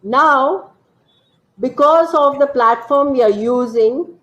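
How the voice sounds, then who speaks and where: A woman with an Indian English accent leads an online teacher training lecture over dull, lo-fi call audio. Her voice sits a little high, and she explains slowly, stressing words and quizzing her listeners. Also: a bit bright. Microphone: computer mic on a video call.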